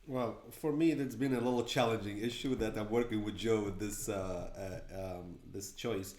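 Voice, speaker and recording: Male client, halting and filler-heavy, echoey room. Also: on the low side. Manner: hesitant, many fillers, animated bursts. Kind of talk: casual answers in a Q&A.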